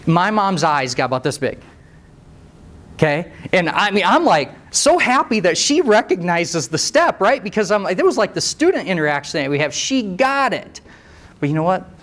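A man who trains mechanics, telling a story in a live talk, conversational and animated, with rhetorical questions and asides. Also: sits high. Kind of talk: storytelling presentation to a live audience.

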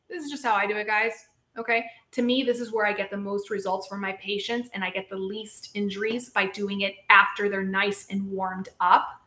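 A woman hosting a casual live-stream Q&A as a physical therapist, chatty and lively, talking straight to her viewers. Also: medium pitch, moderate pace, reverberant. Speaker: physical therapist and show host.

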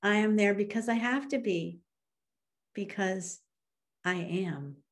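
A middle-aged woman minister telling a story in a sermon and reading a poem aloud, slow and earnest, with emotional swells. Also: medium pitch.

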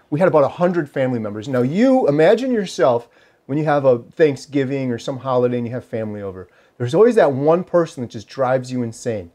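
A man's voice: medium pitch, dark tone. A man in his forties talking casually to camera in an earnest, preachy, motivational way, often repeating phrases for emphasis. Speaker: lifestyle vlogger.

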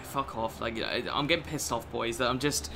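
A man's voice: mid-range voice, steady tone, normal speed, crowd noise. A young man giving sweary, exasperated commentary over his own video game match. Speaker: gaming YouTuber. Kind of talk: gameplay commentary.

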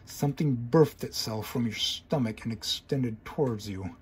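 A man reads a horror story in second person, stumbling and restarting now and then. His voice is very husky and mid-pitched. It is an amateur reading. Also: a little slow. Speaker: narrator. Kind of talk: horror fan-fiction reading.

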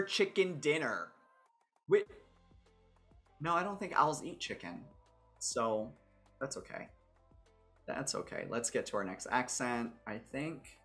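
A man's voice: mid-range voice, a bit bright. A man hosting a livestream, chatting casually and thinking aloud with a jokey, self-mocking manner as he shows off a character builder. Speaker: host demonstrating a character builder.

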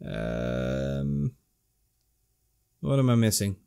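Casting: man, lively pitch, slow musing let's play commentary. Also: vocal fry, clean tone. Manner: slow, musing, swears casually. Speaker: gamer.

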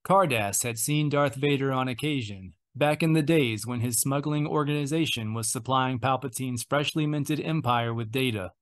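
A man reading an unabridged novel as an audiobook narrator, with steady, even storytelling. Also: mid-range voice, normal speed, few pauses.

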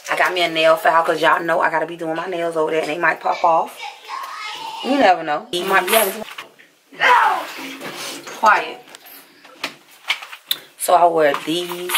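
A woman's voice: on the low side, creaky, background noise. A young woman vlogging casually to her viewers, chatty and venting at times. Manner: chatty, venting, animated when annoyed. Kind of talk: casual vlog chat.

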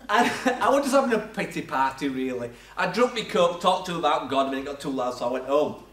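Heard from a distance amid echoing church acoustics, an older man gives a sermon in a church hall. He tells chatty tales about his life and laughs at his own expense, his voice on the high side, expressive, brisk and fairly bright.

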